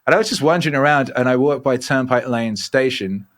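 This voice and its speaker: A middle-aged man, a podcast guest, telling rambling, animated stories with lots of swearing. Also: medium pitch, fairly quick. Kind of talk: casual storytelling.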